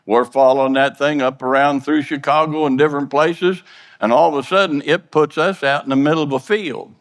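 A man's voice: fairly high pitch, steady tone, fairly quick, in a large hall. A man preaching a sermon in a plainspoken, folksy way, earnestly repeating and stumbling over words.

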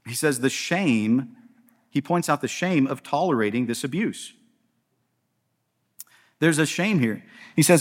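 Emphatic preacher, slightly high voice. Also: male voice, animated, a little slow, pauses often. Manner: emphatic, rhetorical, keeps asking the audience "right?". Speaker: pastor. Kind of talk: sermon.

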